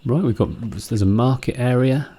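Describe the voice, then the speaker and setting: A man with a mid-range, warm, slightly rough voice hosts a let's play at a moderate pace, musing aloud about what he sees in the game. He's chatty and full of fillers and restarts, with game music behind him.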